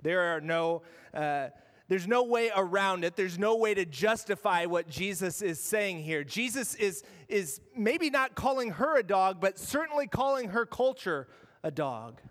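A man preaching a sermon as pastor, earnest, moving between raised passages and hushed ones. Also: high-pitched, lively intonation, a little slow, long reverb tail. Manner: earnest, dramatic shifts between loud and hushed. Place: church.

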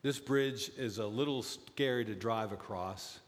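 A man preaching a sermon as pastor, telling stories and rising high in pitch for emphasis. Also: a little slow. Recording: long reverb, as in a church.

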